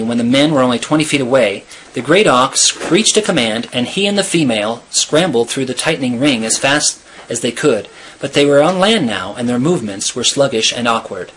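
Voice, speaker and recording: A man reading a novel aloud in a steady, earnest storytelling manner. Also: mid-range voice, a little hiss or hum. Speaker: reader.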